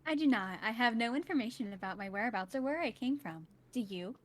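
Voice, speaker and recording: A woman playing a tabletop game in character, speaking in formal, flat, literal phrases. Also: fairly high pitch, fast. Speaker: player.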